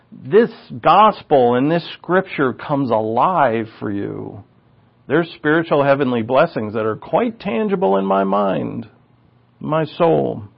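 A male preacher teaches in a loose, chatty storytelling way and pokes fun at himself. His voice sits a bit high for a man and has a gravelly rasp. The recording sounds dull and lo-fi. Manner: conversational, self-deprecating storyteller. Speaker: pastor. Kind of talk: sermon teaching.

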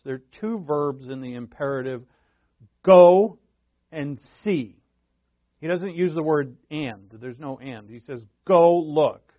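A man's voice: on the high side, no room sound, dull audio. A male preacher teaching a sermon verse by verse, in a conversational way that thinks aloud and asks rhetorical questions.

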